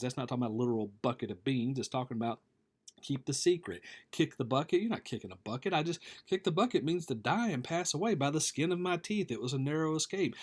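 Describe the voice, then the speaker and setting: A man teaching a video Bible lesson, enthusiastic and conversational, sometimes acting out excited reactions. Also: fast. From United States. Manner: enthusiastic, acts out bits with a high excited voice. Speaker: Christian teacher and author.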